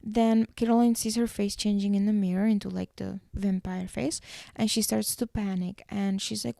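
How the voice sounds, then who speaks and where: A woman hosting a podcast, recapping a TV episode in casual chat and acting out the characters' lines in quick, shifting voices. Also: medium pitch, steady tone, gravelly, mellow, no echo, clean studio sound.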